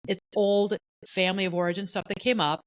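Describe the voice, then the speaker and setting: A middle-aged woman co-hosting a podcast, telling a personal story in a candid, animated way and acting out what others said. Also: medium pitch, fairly quick, no room sound, rough recording. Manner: candid, animated, often voices the people she quotes. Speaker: podcast co-host.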